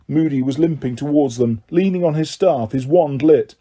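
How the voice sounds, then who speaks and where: A man narrating an audiobook in a steady storytelling manner. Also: on the high side, moderate pace, hardly any pauses, breathy edge. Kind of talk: scripted narration.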